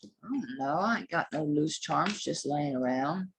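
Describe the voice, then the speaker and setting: A woman's voice: sits low, animated, measured pace, a little hiss or hum. A middle-aged woman chatting casually and bluntly while selling jewelry online, swearing freely as she talks. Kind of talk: casual live sales chat.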